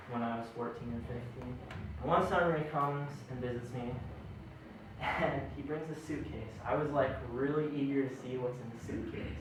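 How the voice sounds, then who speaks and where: A young man doing a stand-up story, animated and self-mocking, acting out the other people in it. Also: mid-range voice, background noise. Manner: animated, self-mocking, acts out quoted voices. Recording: very echoey room, mic far off.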